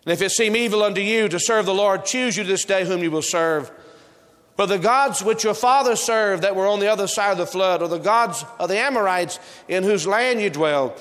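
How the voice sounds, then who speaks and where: High-pitched guy preaching, hammering points over and over, big echoey church. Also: moderate pace, a bit bright. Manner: emphatic, repetitive preaching cadence. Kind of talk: sermon. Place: church sanctuary. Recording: reverberant hall.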